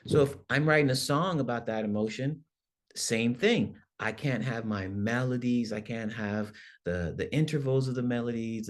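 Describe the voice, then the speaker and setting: Man lecturing with lively demonstrations. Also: mid-range voice. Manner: animated, demonstrates with acted-out voices; conversational, checks in with "right?". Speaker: songwriting professor. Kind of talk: workshop lecture.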